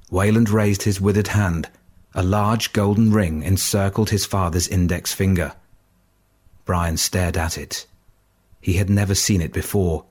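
A man reading a story aloud as audiobook narration, measured and steady. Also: sits low, breathy edge.

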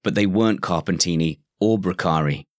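Deep-voiced man narrating a story. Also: brisk, no echo, studio quality. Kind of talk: scripted narration.

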